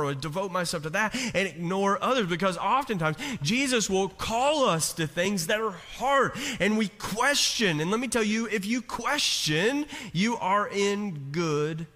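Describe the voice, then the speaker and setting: A man's voice: a little high, sharp tone. A man, a pastor, preaching a conversational sermon with jokes and acted-out quotes, often stumbling over and restarting his words. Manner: conversational, joking, acts out quoted voices with restarts. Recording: long hall reverb.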